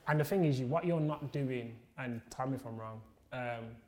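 A man's voice: medium pitch, moderate pace, darkish tone. A man hosting a casual podcast chat, encouraging and thoughtful, often backchanneling. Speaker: podcast host.

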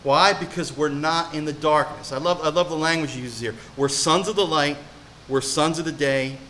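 A male pastor giving an animated sermon, swinging between hushed and loud delivery and often putting questions to his listeners. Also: a little high, normal speed, a little hiss or hum.

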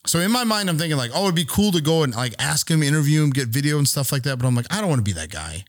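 A man's voice: on the high side, very fast, no echo, clean studio sound. A man on a podcast telling a long story in casual chat, rambling and swearing freely as he acts out what people said. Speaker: podcast co-host.

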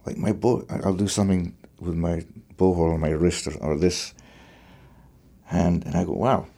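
Male musician, deep and mellow voice, reflective and searching; conversational. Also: fairly even intonation, normal speed. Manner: thoughtful, searching for words. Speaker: fiddler.

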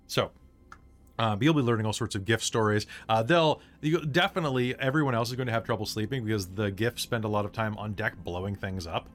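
A man's voice: on the low side, fairly quick, fairly bright tone, soft background music. A man running a live tabletop game as game master, rambling with lots of restarts. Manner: rambling, full of restarts and fillers.

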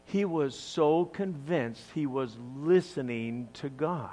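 A male pastor preaching a sermon in an expressive, dramatic, emphatic way. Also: on the high side, takes it slowly, hardly any pauses.

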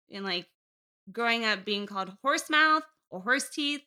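Young woman chatting on a podcast, super bright tone, kinda rambly, laughs a lot. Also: medium pitch, a little slow, clean tone. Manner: rambling, candid, laughs often. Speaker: guest. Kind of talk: casual podcast interview.

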